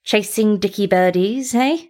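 A woman's voice: medium pitch, unhurried, darkish tone, lightly acted. A woman voicing a coarse, scruffy male alley cat who teases and sneers. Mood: teasing. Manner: sneering, teasing.

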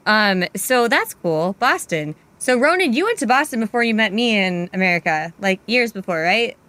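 Woman in her thirties, smooth clear voice, chatty podcast host. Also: mid-range voice, lively intonation, normal speed, fairly bright tone. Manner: friendly, chatty, asks questions. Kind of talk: casual interview.

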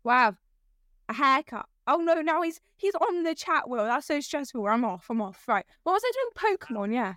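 A woman's voice: sits high, big pitch swings, normal speed, a bit bright, dry recording, clean studio sound. A young woman, co-hosting a casual podcast and telling a story with lots of giggles. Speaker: podcast co-host.

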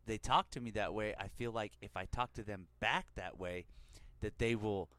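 A man's voice: on the low side, moderate pace, fairly bright tone, no room sound. A man in his forties co-hosting a casual podcast, rambling and laughing as he tells stories. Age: 40s. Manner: rambling, laughs a lot, slips into mock accents. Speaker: podcast co-host. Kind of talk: casual chat.

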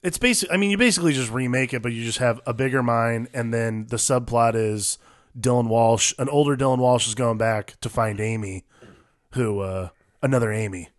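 A man's voice: medium pitch, normal speed. A man co-hosting a casual movie chat, rambling through odd comparisons and swearing as he acts out little quoted lines. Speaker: podcast co-host.

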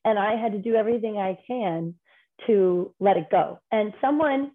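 A woman speaks as a guest in casual conversation, her voice at an ordinary middle pitch. She tells her stories candidly and rambles, restarting her sentences as she goes. The sound is thin and tinny, like a phone line. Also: moderate pace. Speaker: podcast guest.

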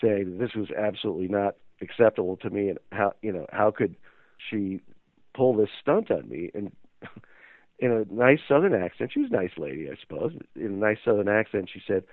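A man's voice: lowish voice, lively intonation, brisk, no echo. A man telling a story as an interview guest, rambling and hesitant with many fillers. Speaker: interview guest, magazine owner. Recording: tinny phone line.

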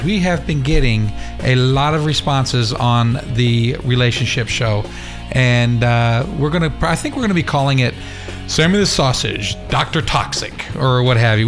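A man hosting an internet radio show, ranting angrily with heavy swearing, then chatting casually about upcoming shows. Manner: yelling, swearing, raising pitch in anger. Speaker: podcast host. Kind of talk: angry profane rant.

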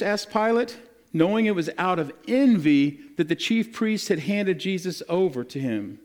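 High-voiced preacher telling a story. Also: male voice, unhurried. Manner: animated storytelling, acting out scripture scenes in a casual modern voice. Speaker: pastor. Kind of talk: sermon.

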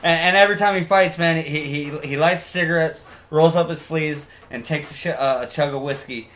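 A slightly drunk man talks in a loose, rambling way, peppering his sentences with swear words and fillers. His voice sits a little high for a man, and he keeps restarting his thoughts. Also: a bit bright. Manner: rambling, profane, halting with fillers. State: tipsy from beer. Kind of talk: casual chat.

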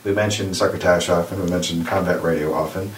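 A man co-hosts a podcast over a video call, chatting loosely and breaking into impressions. His voice sits a little low and sounds far from the mic. The room is echoey and the line carries a steady hiss. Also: fast talker. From US West Coast. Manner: joking, slips into impressions. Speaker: podcast co-host. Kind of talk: casual chat on a video call.

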